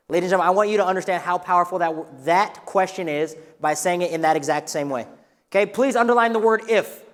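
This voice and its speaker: A man teaching a live real estate workshop in an energetic, coaching way, asking the room questions. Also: high-pitched, fast. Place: training room with a live audience. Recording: long reverb of a hall.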